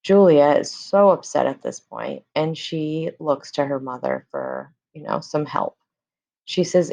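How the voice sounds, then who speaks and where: A woman's voice: low voice, very animated, measured pace, creaky, dark tone, dull audio. A woman teacher in a recorded lesson, paraphrasing a play in casual talk with many fillers.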